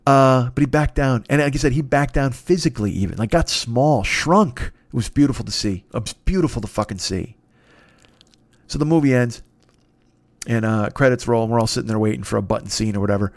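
A man in his fifties telling a rambling story in a casual, profane and excitable way. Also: mid-range voice, brisk, no room sound. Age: 50s.

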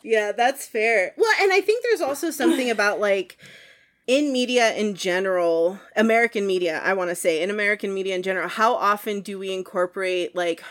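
A woman's voice: medium pitch, a little fast. A woman talks movies on a podcast in a loose, chatty way. She laughs easily and fills her sentences with "like" and "you know." Her voice sits in a middle register. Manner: animated, laughs often, lots of fillers. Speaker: podcast co-host. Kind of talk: casual movie review chat.

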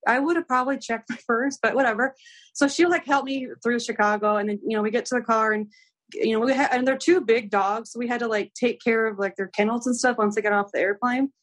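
A woman's voice: fairly high pitch, fast talker. Chatty woman telling a travel story. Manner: animated, acts out dialogue with filler "like". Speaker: podcast guest. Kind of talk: casual storytelling.

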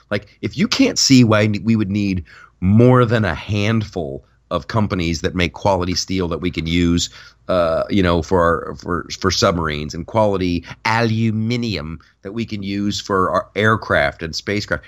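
Deep-voiced and moving at a moderate pace, this podcast-hosting comedian is running on little sleep. His offhand comic rant wanders, with repeated words and frequent restarts.

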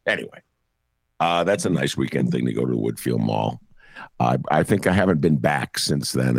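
An older man hosting a talk show, chatting casually with animated, jokey asides. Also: very deep voice, creaky, husky, dry recording, clean studio sound. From Chicago area, US. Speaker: podcast host. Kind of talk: casual chat.

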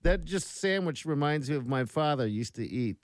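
A man's voice: a little high, expressive, normal speed, no echo, clean studio sound. A man co-hosting a morning radio show, chatting casually and laughing often.

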